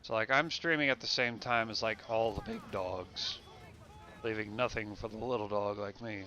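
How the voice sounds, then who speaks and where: Young male streamer, low-ish bright voice, loose rambling gameplay chatter. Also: normal speed. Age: young adult. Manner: rambling, self-correcting chat. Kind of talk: casual gameplay commentary.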